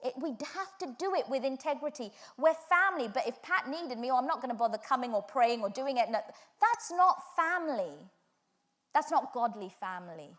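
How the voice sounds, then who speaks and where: A woman with a high, bright-pitched voice delivers a sermon. She tells personal stories with animation and builds her points to fervent emphasis. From England. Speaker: preacher.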